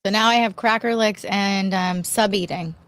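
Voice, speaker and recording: A woman hosts a relaxed online hangout, teasing her guests and joking with them. Her voice sits at an ordinary middle pitch for a woman, and her delivery stays playful and easygoing. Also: normal speed. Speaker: host. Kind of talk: casual chat.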